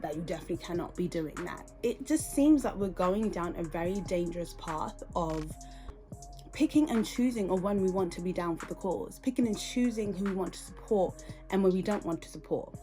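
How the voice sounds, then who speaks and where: A woman's voice: fairly low pitch, expressive, fairly quick, mellow, faint music behind. A woman with a British accent, from the UK, hosting a reaction podcast and firing off indignant rhetorical questions. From United Kingdom. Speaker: podcast host.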